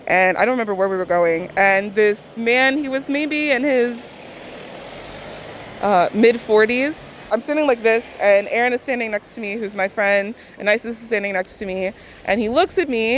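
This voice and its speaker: A woman in a street interview telling a story in a lively, animated way. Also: mid-range voice, a little hiss or hum.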